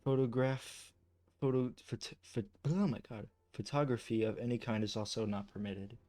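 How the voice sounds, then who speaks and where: A man's voice: mid-range voice, fairly even intonation, moderate pace, warm tone. Man stumbling through a read-aloud. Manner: stumbles over words and restarts often; chatty and self-deprecating asides. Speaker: YouTuber reading game lore. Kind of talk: reading aloud with casual commentary.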